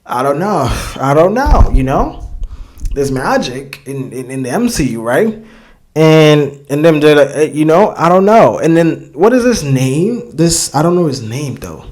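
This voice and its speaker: A man's voice: a little high, sing-song, a little slow, a little mellow. Rambling, swearing man reacting to a show. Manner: rambling, swears often, searches for words. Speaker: reaction video host. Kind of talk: casual reaction commentary.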